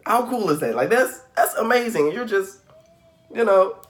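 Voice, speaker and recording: A man's voice: sits high, expressive, normal speed, fairly bright tone. A man in his thirties hosting a spiritual channel, talking casually to camera at home and saying "like" constantly. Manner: rambling, says "like" constantly, acts out quoted voices. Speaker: spiritual reading channel host.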